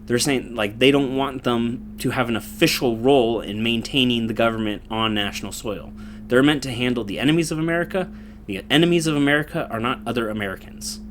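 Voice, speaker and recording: A man's voice: mid-range voice, brisk, fairly bright tone, a little hiss or hum. A young man in a casual, profane political rant, rambling with lots of fillers and laughing between points. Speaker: commentator.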